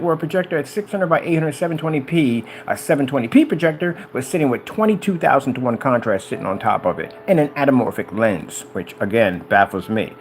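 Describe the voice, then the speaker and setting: A man talking casually and excitedly about projectors, rambling and wandering off topic. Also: a little high, fast talker, few pauses, a little hiss or hum. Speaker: business owner reviewing projectors.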